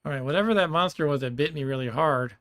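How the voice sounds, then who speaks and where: A man's voice: on the high side, fast, fairly bright tone, dry recording, clean studio sound. A man giving casual let's-play commentary, thinking aloud and laughing often, with keyboard clicks behind him. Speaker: gameplay streamer.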